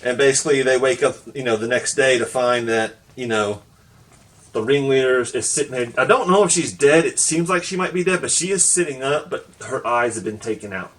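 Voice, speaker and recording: A man's voice: mid-range voice, a little fast, fairly bright tone, far from the mic. Chatty man reviewing comics, heard from the mic. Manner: loose and chatty, many fillers; easygoing, laughs along while retelling. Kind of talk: casual spoken review.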